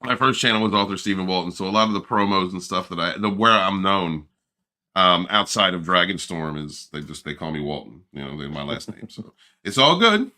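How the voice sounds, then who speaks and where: A man's voice: deep voice, animated, a little fast, pushed and bright. A middle-aged man hosting a casual livestream, joking, laughing and greeting viewers in the chat. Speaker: livestream host.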